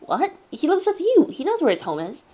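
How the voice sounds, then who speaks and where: A woman putting on an excitable young boy whose voice jumps up high above her own. He's pushy and playful, always ready with a plan or a joke, in a story read aloud. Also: fairly quick. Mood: eager. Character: eager young boy, excitable best friend.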